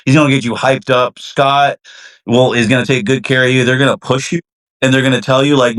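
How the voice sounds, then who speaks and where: A man's voice: mid-range voice, fairly even intonation, brisk, a bit bright. A man as a podcast guest, laid-back and encouraging in casual chat.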